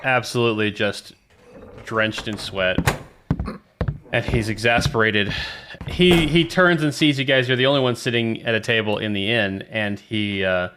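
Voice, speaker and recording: A man narrating as game master in a lively, descriptive way. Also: fairly low pitch, moderate pace, background noise.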